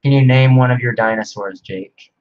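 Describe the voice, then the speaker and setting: Brief: man, livestream host, rambling and excitable, reads chat aloud, mid-pitched, dull lo-fi mic. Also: normal speed. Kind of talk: casual livestream Q&A.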